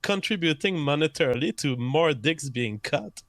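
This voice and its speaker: A man talking as a podcast guest in a measured way with dry humor. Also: a little high, animated, a bit bright, a little hiss or hum. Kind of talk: casual chat.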